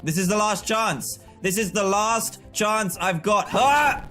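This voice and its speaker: A man streaming live gameplay with excitable, frustrated commentary, often yelling at the game. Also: high-pitched, takes it slowly, soft background music.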